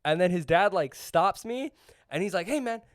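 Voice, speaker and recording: A man with a high voice tells a loose, profane story on a podcast and slips into the voices of the people in it. The mic is close and dry, with no room sound. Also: expressive, normal speed, dry recording. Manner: rambling, profane, acts out dialogue with laughs. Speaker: podcast co-host. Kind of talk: casual storytelling.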